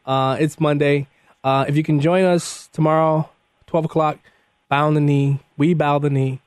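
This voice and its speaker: A man with a fairly high speaking voice hosts a radio talk show. He talks in an animated, looping way, repeating words as he goes. The sound is dry and close. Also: measured pace, clear, resonant tone, no echo. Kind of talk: casual radio chat.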